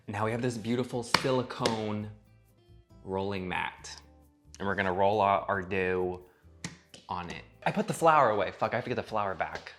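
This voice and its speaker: A man's voice: on the low side, expressive, moderate pace, long pauses, fairly bright tone. Sarcastic, swearing man in a cooking vlog. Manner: sarcastic, profane, theatrical asides. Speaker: cooking vlogger. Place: home kitchen. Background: faint music.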